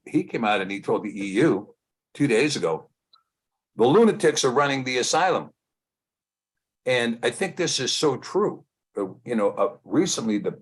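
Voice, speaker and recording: Guy hosting an online talk show, lowish husky voice, chatty opinionated rambling commentary. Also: fairly bright tone. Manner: discursive, opinionated, building his points slowly. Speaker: host.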